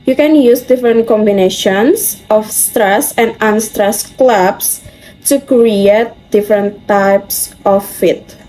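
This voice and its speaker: Slow, mellow young woman reading a presentation. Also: mid-range voice, rough recording. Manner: steady, reads aloud from a script with small slips. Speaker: student presenter.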